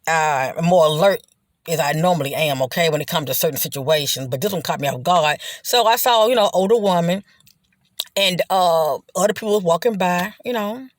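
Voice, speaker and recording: A speaker giving a casual motivational talk, loose and conversational, often checking in with "okay?" and "you know", slowing and softening on reflective points. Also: medium pitch, no room sound, studio quality. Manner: slows down and drops soft on reflective points. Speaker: vlogger sharing personal testimony.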